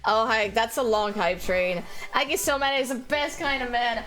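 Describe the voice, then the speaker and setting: A woman's voice: a little high, fairly even intonation, moderate pace, hardly any pauses, fairly bright tone. A young woman streamer chatting casually with her viewers, sleep-deprived, laughing often and squealing when she thanks them. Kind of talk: casual live-stream chat.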